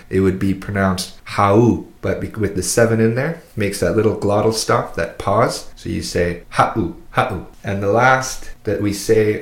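Slow, low-voiced man teaching sounds. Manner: slow, careful, demonstrates sounds for repetition. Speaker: language teacher. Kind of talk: patient pronunciation lesson. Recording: echoey room.

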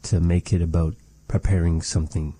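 A man with a low, dark voice gives a language lesson at an unhurried pace. He speaks in a measured way and repeats each phrase so it can be copied. The sound is dry and close. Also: level tone, husky, no room sound. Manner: measured, repeats phrases slowly to model them. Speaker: language teacher.

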